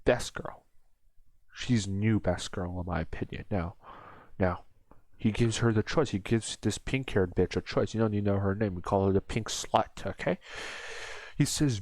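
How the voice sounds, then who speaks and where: Young male reviewer, low register, crude rambling sarcasm, dry close mic. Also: normal speed, a little mellow, no echo. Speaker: anime reviewer. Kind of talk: casual comedic commentary.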